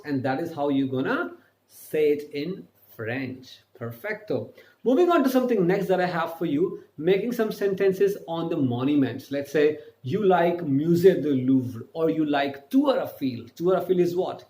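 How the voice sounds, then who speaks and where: A man teaching a beginner French lesson. He spells words out letter by letter and repeats phrases slowly. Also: fairly high pitch, big pitch swings, reverberant. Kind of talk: online language lesson.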